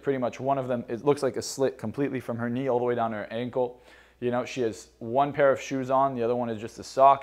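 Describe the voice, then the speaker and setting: A young man and motivational speaker telling a personal story in a casual, candid way, with frequent fillers and restarts. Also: mid-range voice.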